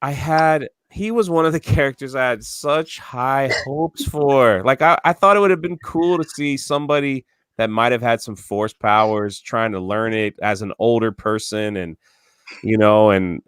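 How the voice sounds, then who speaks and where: A man co-hosting a casual chat, reading viewer messages, animated and incredulous. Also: medium pitch, unhurried, clear, resonant tone, dry recording, studio quality.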